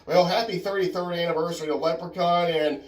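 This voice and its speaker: A man talks through a film in a loose, halting way, restarting his sentences and chuckling now and then. His voice sits a bit high. He sounds far from the mic in a room with a noticeable echo. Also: steady tone. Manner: hesitant, full of restarts and "uh"s, chuckles often. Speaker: film reviewer. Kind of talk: casual rambling film review. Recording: roomy echo from a distant mic.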